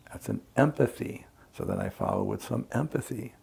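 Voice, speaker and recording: Gravelly man explaining mediation calmly. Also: on the low side, normal speed. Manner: reflective, explains with acted examples. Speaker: conflict mediator guest. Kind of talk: casual podcast conversation.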